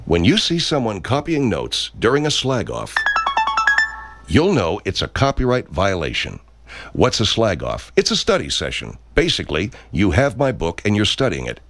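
Pompous deadpan man with a lively voice. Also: lowish voice, normal speed, faint music behind. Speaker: comedy performer. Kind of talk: improvised comedy sketch.

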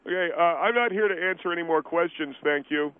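A man's voice: fairly high pitch, fairly quick, clean tone, no room sound, pitched above the performer's own voice, close to an everyday voice. A man voicing a whiny, easily offended male caller who talks defensively over a phone line.

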